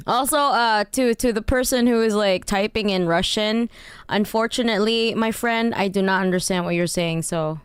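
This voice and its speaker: A woman's voice: medium pitch, a little slow, long pauses, clean tone, no room sound, studio quality. A woman streamer chatting casually with her viewers, slightly nasal today, laughing often and trailing off with fillers. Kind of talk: casual livestream chat.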